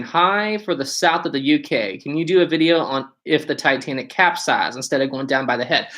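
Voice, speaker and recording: Bright-voiced man hosting a live stream. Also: a little high. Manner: casual, thinks aloud with restarts and short laughs. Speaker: channel host. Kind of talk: live stream chat reading viewer questions.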